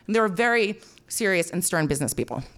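Animated, self-mocking woman storyteller. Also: fairly low pitch, brisk. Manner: animated, swearing, heavy filler "like"; self-mocking, frequent laughter. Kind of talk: live personal storytelling.

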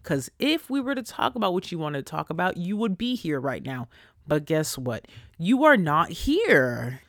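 A young adult podcast host talking straight to listeners in a casual rant, blunt and sassy, full of swearing, with big swings in pitch. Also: a bit bright, dry recording, studio quality. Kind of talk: casual ranting monologue.

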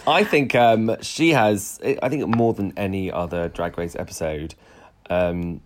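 A man's voice: low-pitched, unhurried. A man co-hosting a podcast in casual chat, wry and joking, rambling through his points. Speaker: podcast co-host.

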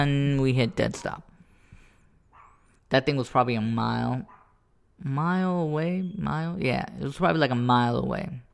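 A man casually telling a rambling, profane story about his own life, animated and full of restarts. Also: medium pitch, gravelly.

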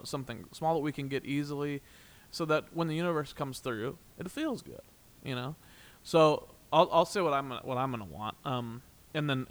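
A young man hosting a casual podcast, rambling and playful, often laughing. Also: medium pitch. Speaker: podcast host. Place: small room, in doors.

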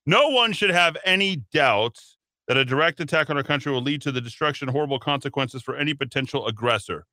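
A man's voice: mid-range voice, animated, fast, bright, forceful tone, no room sound. A man hosting a talk radio show, riffing on the news with sarcastic, mocking asides into a studio mic.

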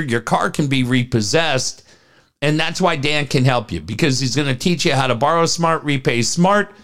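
Animated, profane talk-radio man. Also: fairly high pitch. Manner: profane, animated storytelling rants. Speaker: radio co-host. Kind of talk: casual talk radio with live ad reads.

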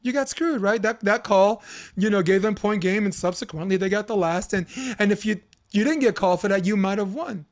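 A man with a high voice hosts a casual podcast chat. He spins animated stories, swears freely and breaks into laughter often. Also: fairly quick. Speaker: podcast host and volleyball coach.

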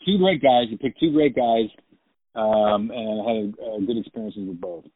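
A man, an actor, telling lively anecdotes and laughing often in a phone interview. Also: lowish voice, normal speed, breathy edge, no room sound. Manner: chatty storyteller, laughs often. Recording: tinny dry phone line.

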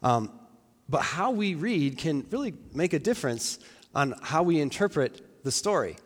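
Conversational preacher in a reverberant church. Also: male voice, fairly high pitch. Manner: conversational, reflective, with fillers and restarts. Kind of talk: sermon.

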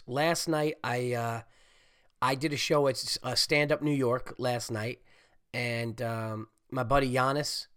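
A congested man, a stand-up comedian and podcast host, talking in a rambling, animated monologue full of fillers and swearing. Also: mid-range voice. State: congested, getting over a cold. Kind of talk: casual solo podcast monologue.

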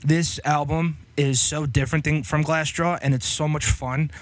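A man chatting casually on a podcast, animated and profane, breaking into loud yells when he imitates people. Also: a little high, normal speed. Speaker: podcast co-host. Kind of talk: casual chat.

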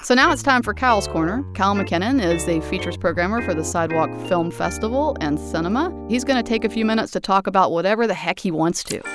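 A woman hosting a film podcast in casual chat, animated and rambling, with the odd swear. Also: mid-range voice, quick pace, hardly any pauses, music in the background. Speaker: podcast host.

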